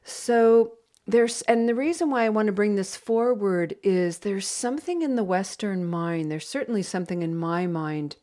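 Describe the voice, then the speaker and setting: A woman facilitating a recovery group, giving a gentle, reflective guided meditation talk. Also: mid-range voice, normal speed.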